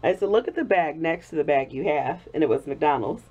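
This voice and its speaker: A woman's voice: sits low, expressive, a little fast, dull audio. A woman in her thirties telling a story in a casual home vlog, chatty and laughing often, still getting over an illness. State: recovering from illness. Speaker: soap-making vlogger.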